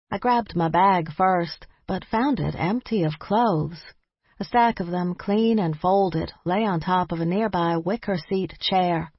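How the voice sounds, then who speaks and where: A woman giving a measured, wry first-person narration of an audiobook. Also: lowish voice, slightly rough, no room sound, highs cut off.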